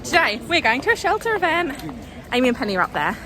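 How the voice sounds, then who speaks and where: A woman's voice: high voice, big pitch swings, fast. A woman, chatting bubbly and breathless in a casual vlog, laughing often. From England (Essex). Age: 20s. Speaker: vlogger. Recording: crowd chatter behind.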